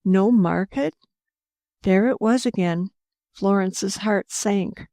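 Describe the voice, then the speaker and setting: A woman reads a storybook aloud at a slow, measured pace, calm and even. Her voice is close-miked and dry, with no room sound. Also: medium pitch, no echo. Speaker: audiobook narrator. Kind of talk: scripted narration.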